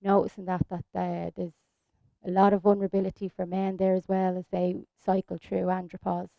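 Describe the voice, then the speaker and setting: A woman's voice: lowish voice, monotone, fairly quick, vocal fry, dry recording. An Irish woman leading a yoga class, talking through the poses in a soothing, chatty way. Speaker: yoga teacher. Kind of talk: guided yoga class instruction. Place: outdoors in a park. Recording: dull lo-fi sound.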